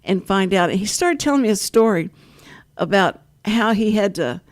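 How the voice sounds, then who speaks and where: A woman's voice: mid-range voice, lively intonation, moderate pace. An older woman hosting a community radio talk show, chatting and laughing often as she tells stories. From Texas. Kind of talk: casual radio chat.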